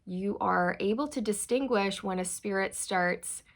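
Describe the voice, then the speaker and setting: Gravelly-voiced woman doing a tarot reading. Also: medium pitch, measured pace. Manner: meandering, reassuring, addresses viewers as you guys. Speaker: tarot reader.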